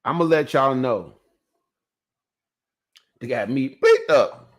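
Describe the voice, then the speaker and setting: A man's voice: mid-range voice, animated, slow pace. A man hosting a podcast, telling a story in a rambling, slangy way and talking straight to his viewers. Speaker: podcast host. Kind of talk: casual storytelling monologue.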